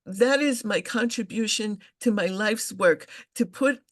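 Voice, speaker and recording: A woman's voice: medium pitch, a little slow. An older female English professor recalling her career in an interview over a video call, hesitant and full of restarts. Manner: hesitant, with frequent restarts and fillers. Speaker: English professor and science fiction scholar. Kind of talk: interview, conversational recollection.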